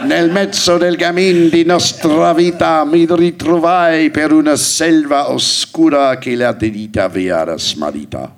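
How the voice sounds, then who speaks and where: A man's voice: on the high side, measured pace, hardly any pauses, a little hiss or hum, voice pushed up. An older man putting on a comic, hammy mock Italian to recite famous verse. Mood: mock grand.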